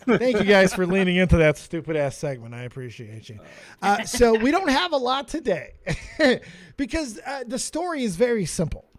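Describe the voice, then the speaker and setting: A man's voice: sits high, big pitch swings, moderate pace. A man hosting a livestream, teasing his guests and swearing freely in casual chat. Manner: loud, teasing and swears a lot. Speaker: livestream host. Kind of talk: casual, profane stream chat.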